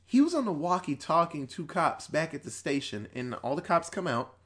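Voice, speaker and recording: A talkative man with a slightly high voice breezes through a movie recap in loose, rambling fashion. He swears freely and drops into quick quoted lines for each character. He laughs now and then as he talks. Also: big pitch swings, fairly bright tone. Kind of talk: casual movie recap chat.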